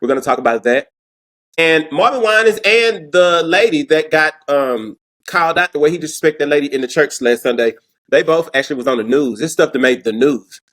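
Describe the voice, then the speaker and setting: A man's voice: a little high, brisk, a bit bright. A man hosting his own commentary vlog. He talks casually and animatedly, laughs often and repeats words as he goes. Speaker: show host.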